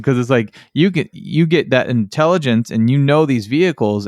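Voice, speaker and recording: A man's voice: mid-range voice, dry recording. Man hosting a podcast chat, dry sound. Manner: animated, acts out customers and technicians. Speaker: podcast host. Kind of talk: casual interview chat.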